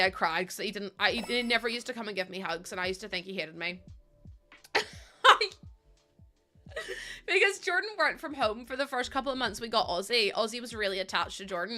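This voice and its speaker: A chatty young woman streams a building game and talks to her viewers in a high, bright voice. Her pitch bounces all over as she giggles and gushes her thanks. Soft game music plays underneath. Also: lively intonation, brisk. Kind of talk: casual live-stream chat while gaming. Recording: faint game music behind.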